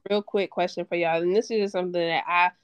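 A woman's voice: fairly low pitch, steady tone, clear, resonant tone, dry recording, muffled recording. A woman chatting casually and candidly about faith, confiding her own struggles. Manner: candid and confiding, quick laughs.

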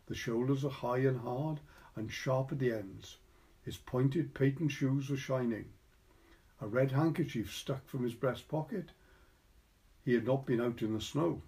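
A Welsh man narrates a short story with a measured, steady delivery. His voice sits mid-range and sounds warm and mellow. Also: medium pitch. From Wales. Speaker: reader. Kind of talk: scripted narration.

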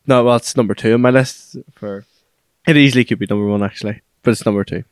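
A man co-hosting a podcast, chatting casually and retelling plots in an animated way. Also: fairly low pitch, fast talker, smooth, no echo. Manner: animated storytelling, acts out quotes. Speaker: podcast co-host. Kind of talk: casual chat.

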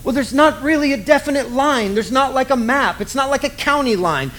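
A man preaching a sermon, animated and self-deprecating, acting out the voices he quotes. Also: extremely high pitch, moderate pace, few pauses. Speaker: pastor.

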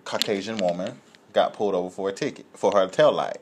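A deep-voiced co-host speaks a little fast in a casual chat, over slight background noise. He's a lively storyteller, animatedly acting out the people in his stories.

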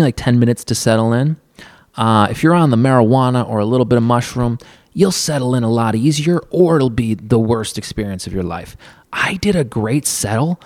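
Man, podcast host, profane comedic monologue, rambling, laughs a lot, medium pitch. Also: a little mellow, no room sound, clean studio sound. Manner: crude, profane and laughing often. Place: seated on a stool at a counter.

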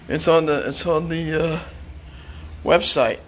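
A man's voice: a little high, slow, a bit bright, a little hiss or hum. A man rambling through personal stories in a casual way, repeating words and chuckling as he goes. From Florida. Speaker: storyteller.

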